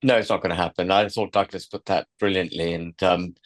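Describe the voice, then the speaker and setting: A man's voice: low-pitched, steady tone, fairly quick, no room sound. A man speaking as a panel guest in a chatty, amused way. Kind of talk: conversational panel discussion.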